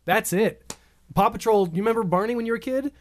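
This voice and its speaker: A podcast co-host in casual banter, riffing with quick jokes. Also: medium pitch.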